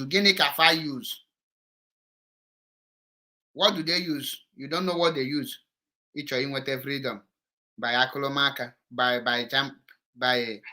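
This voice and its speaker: Fiery Igbo-accented political commentator. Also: male voice, medium pitch, bright, forceful tone. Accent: Nigerian Igbo. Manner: heated, scolding, mixing English with Igbo. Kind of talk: impassioned political monologue.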